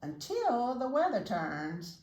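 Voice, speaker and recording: An older woman voicing a chirpy, eager little female yellow bird who wants to be a teacher, in high, excited, sing-song tones. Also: slow. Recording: roomy echo.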